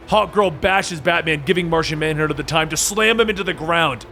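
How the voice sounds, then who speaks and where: A man narrating a comic book story recap in a dramatic, rushing style that builds to shouts. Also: a little high, vocal fry, faint music behind.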